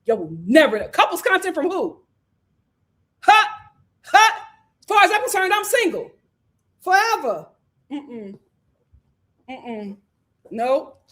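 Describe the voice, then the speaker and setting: A high-voiced woman with riffs on reality TV gossip. Her delivery is sassy and animated, jumping from loud outbursts to quiet, drawn-out asides. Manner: animated, sassy, swinging between shouts and low asides. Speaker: commentary channel host. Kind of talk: casual reality-show commentary.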